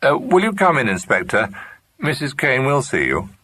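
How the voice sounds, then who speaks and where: A man's voice: medium pitch, wildly swooping pitch, normal speed, bright, forceful tone, pitched above the performer's own voice, heavily acted. A man voicing an eager, helpful young man speaking to his great-aunt. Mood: earnest. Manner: eager, accommodating. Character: young adult man, good-natured and helpful great-nephew.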